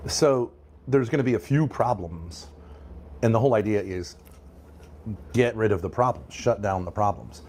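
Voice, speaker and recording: A man's voice: lowish voice, moderate pace, pauses often, a little mellow. A man in casual commentary, ranting bluntly and profanely, often repeating himself. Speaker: stream guest commenting on drama.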